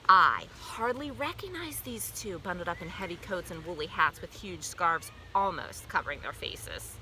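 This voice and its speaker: A woman's voice: on the low side, sing-song, moderate pace, sharp tone, slight background noise, rough recording. A woman reading a children's book aloud in first person, playful and full of exclamations. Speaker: storyteller.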